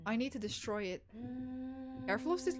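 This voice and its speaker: A woman streams a game, chatting casually in live commentary and laughing often as she plays. Giggly and excitable, she speaks briskly in a fairly high voice.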